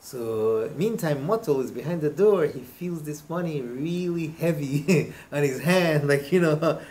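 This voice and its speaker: A man, a rabbi, telling a story in a class in a lively way with lots of casual fillers. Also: on the high side, a little slow, hardly any pauses. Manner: lively, with many fillers like "you know". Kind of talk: storytelling in a lesson.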